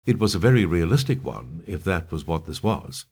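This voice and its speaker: A man reads thriller narration aloud in a low, somewhat husky voice. His delivery is steady, yet the pitch rises and falls expressively. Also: moderate pace.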